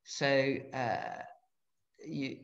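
A middle-aged man speaking as an interview guest, blunt and frank, often halting and restarting his sentences. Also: medium pitch, a bit bright. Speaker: guest, former fighter pilot. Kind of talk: candid interview conversation. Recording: dull lo-fi sound.

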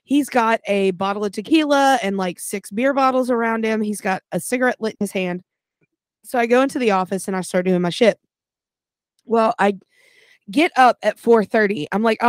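A woman podcast co-host telling a story in a casual, animated and profane way. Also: medium pitch, smooth, no room sound.

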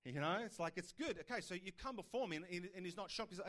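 A man delivers a sermon in a casual, conversational way. His voice sits fairly high, and he often checks in with the listeners through rhetorical questions. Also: expressive, fast, fairly bright tone. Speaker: pastor.

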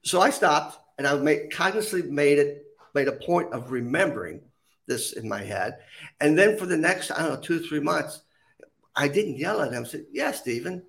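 A man's voice: on the high side, moderate pace, gravelly. A middle-aged man, a podcast guest, telling stories and acting out the voices of others. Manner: animated, acts out quoted voices. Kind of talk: storytelling in an interview.

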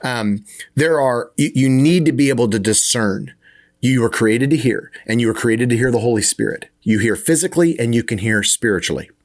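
A man's voice: mid-range voice, expressive, normal speed. A man preaching a conversational sermon, often restarting and repeating words as he explains. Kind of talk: sermon teaching.

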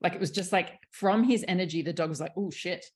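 A woman with a low, husky voice talks as a sexuality coach in a relaxed podcast chat. She is candid and lively, swears without hesitation and laughs easily. Her delivery stays open and conversational. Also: fast. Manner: candid and animated, swears freely, laughs often.

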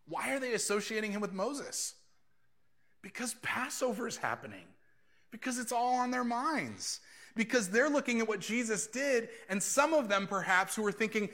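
A man's voice: sits high, lively intonation, normal speed, pushed and bright. A male pastor preaching a sermon in a conversational way, slipping into quoted voices as he tells the story.

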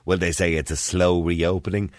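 A man with an Irish accent hosting a radio phone-in, brisk and emphatic, often jumping in on callers. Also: low voice, little pitch movement, dry recording, studio quality. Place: radio studio.

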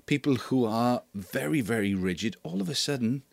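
A man's voice: mid-range voice, creaky. A man co-hosting a casual chat show, talking in a jokey way and laughing easily. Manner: lively, jokey, quick to laugh. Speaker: show co-host.

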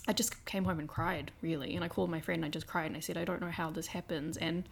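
A woman with a New Zealand accent hosts a relaxed conversation in a slightly low voice. She speaks earnestly and reflectively. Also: fast talker, vocal fry, breathy edge. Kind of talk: casual conversation.

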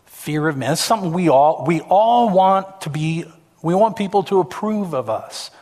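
A man's voice: high-pitched, expressive, moderate pace, a little mellow. A male pastor preaching a sermon from a church stage, storytelling in an emphatic way with repetitions.

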